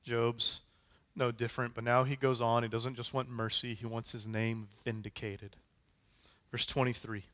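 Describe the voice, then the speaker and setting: A man's voice: medium pitch, level tone, normal speed, fairly bright tone. A man preaching a sermon in a conversational way, with casual fillers and asides. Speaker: pastor.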